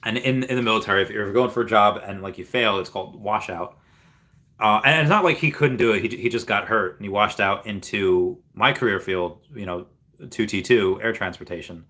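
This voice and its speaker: Rambling man with a bright voice. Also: fairly low pitch, fairly quick. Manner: rambling, full of fillers and restarts; reads viewer messages aloud and replies. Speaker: streamer answering live chat. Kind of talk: casual livestream chat.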